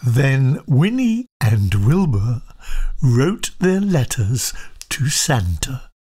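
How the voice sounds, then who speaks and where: A storyteller reading a children's picture book aloud, soft and often half-whispered. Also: medium pitch, sing-song, extremely slow, breathy edge.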